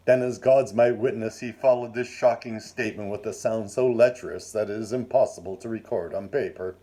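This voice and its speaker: Low mellow guy reading his story, formal and wry. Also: fairly even intonation, a little fast, hardly any pauses. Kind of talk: first-person storybook narration.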